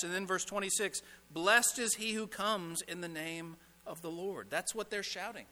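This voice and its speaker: Bright-voiced male pastor preaching in a hall. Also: sits high, normal speed. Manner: emphatic, rhetorical questions, drops to a hush on key lines. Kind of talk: sermon. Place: church sanctuary.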